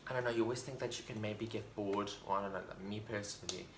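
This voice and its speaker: A man with a lowish voice talks through his favorite books in a loose, enthusiastic vlog chat, stumbling and restarting as he goes. The room around him rings with echo, and a faint hiss sits underneath. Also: fairly even intonation, fast. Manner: rambling, enthusiastic, full of fillers and restarts. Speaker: book vlogger. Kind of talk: casual book review chat. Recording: roomy echo, faint background noise.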